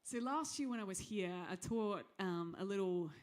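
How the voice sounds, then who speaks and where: A woman's voice: mid-range voice, expressive, moderate pace. A young Australian woman talking to a live audience between songs, chatty and giggly with many ums. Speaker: singer and performer leading a crowd. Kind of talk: casual stage banter with an audience.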